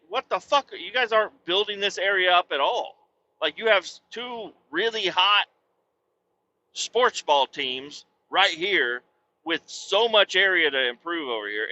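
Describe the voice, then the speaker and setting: A man hosting a podcast, telling a casual, profanity-heavy story and working himself up into shouting tirades. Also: high-pitched, muffled recording. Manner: swears constantly, works himself up into shouting tirades. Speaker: podcast host.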